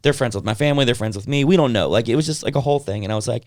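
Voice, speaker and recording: A man's voice: medium pitch, racing, hardly any pauses, a little mellow, no echo, studio quality. A young man telling a story in casual podcast chat, acting out the people in it, swearing casually and using plenty of fillers. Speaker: podcast co-host.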